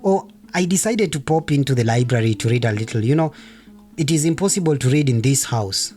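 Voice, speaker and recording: A man's voice: medium pitch, animated, a little fast, a little mellow, soft background music, natural voice. A man voicing a young surgical resident, a weary husband who talks in an offhand, apologetic way. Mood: defensive.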